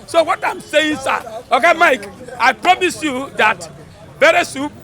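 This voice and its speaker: A man with a Nigerian accent, talking loudly and emphatically in a rambling street interview. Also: very high voice, lively intonation, measured pace. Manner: fervent, loud, rambling and emphatic. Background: crowd noise.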